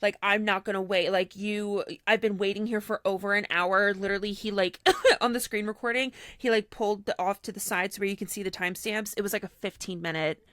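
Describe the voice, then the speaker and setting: Woman, podcast co-host, mid-range voice, chatty storyteller who fills every pause with "like", dry studio sound. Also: mid-range voice, dry recording. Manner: animated retelling, heavy use of "like", quoting others in her own voice. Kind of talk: casual storytelling chat.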